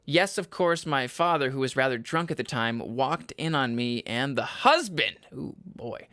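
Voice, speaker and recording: Animated young man rambling on a podcast. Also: mid-range voice, unhurried, few pauses, no room sound. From Upper Peninsula of Michigan. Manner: rambling, self-interrupting, laughs at his own jokes, bursts into loud yells. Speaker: podcast host. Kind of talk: casual solo podcast chat.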